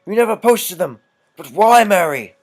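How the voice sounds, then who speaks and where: A player voicing a betrayed young gentleman in a game, reading his lines theatrically. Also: mid-range voice, expressive, moderate pace, voice pushed up, close to an everyday voice. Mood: hurt.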